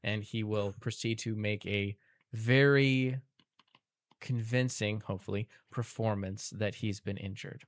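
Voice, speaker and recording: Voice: medium pitch, a little slow, dry recording, clean studio sound. Casual tabletop player, mid voice, hesitant and easygoing. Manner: relaxed, hesitant, with frequent fillers.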